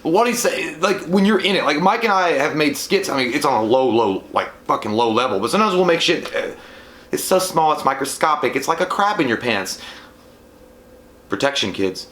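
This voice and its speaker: A man co-hosting a casual movie chat, animated and profane, breaking into silly shouted impressions. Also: fairly high pitch, brisk. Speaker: co-host. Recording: echoey room.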